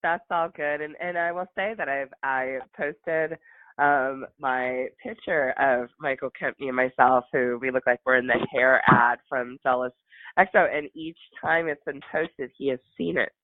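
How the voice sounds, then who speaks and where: A man's voice: medium pitch, fairly even intonation, unhurried, dry recording. A male host chatting casually, laughing along with short reactions. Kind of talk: casual chat. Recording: tinny phone line.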